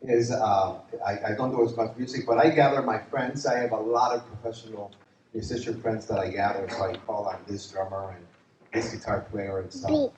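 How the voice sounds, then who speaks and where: A man preaching a lively retreat sermon as a pastor, joking and asking the crowd questions. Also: lowish voice, moderate pace, slight background noise. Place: church retreat hall. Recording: echoey hall from far off.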